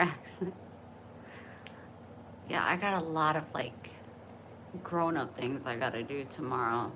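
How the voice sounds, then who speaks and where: Deep-voiced woman, casual late-night phone livestream, chatty and supportive, noisy audio. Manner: chatty, encouraging, laughs easily. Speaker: livestreamer reading viewer comments.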